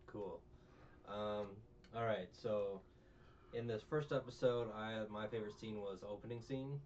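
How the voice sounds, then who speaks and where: A man's voice: lowish voice, measured pace, darkish tone. A man in a casual chat, recapping a show with a rambling, joking manner and lots of fillers. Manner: rambling, jokey, full of fillers and quoted voices. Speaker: podcast co-host recapping a show. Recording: dull, distant, faint noise.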